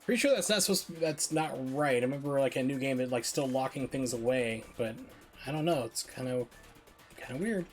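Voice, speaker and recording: A man's voice: medium pitch, brisk. A man streaming a video game live, talking casually through his play with lots of "like" fillers and wry asides. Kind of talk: casual live gameplay commentary. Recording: game music behind voice. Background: game music and sound effects.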